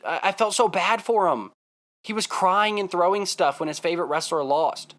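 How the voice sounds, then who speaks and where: A man vlogging casually, telling a story in an excitable, emphatic way and repeating himself for effect. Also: sits high, normal speed.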